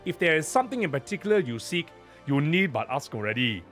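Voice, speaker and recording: Eccentric game merchant, voiced by a man, sing-song, tacks a tic onto lines, lively pitch. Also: quick pace, soft background music. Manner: sing-song, adds a tic to sentence ends.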